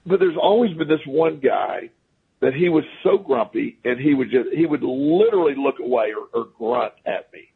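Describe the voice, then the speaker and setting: Male radio guest, raspy and gravelly, loose rambling storyteller, phone-quality audio. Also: mid-range voice, animated, moderate pace. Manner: rambling, restarts often, chuckles at his own stories. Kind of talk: casual storytelling on a talk radio show. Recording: phone-line radio call.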